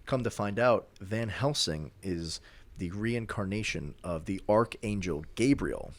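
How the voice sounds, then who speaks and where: A man's voice: on the low side, lively intonation, a little slow. A young man co-hosting a podcast, casually recapping a movie plot in a rambling way with many filler words. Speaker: podcast co-host.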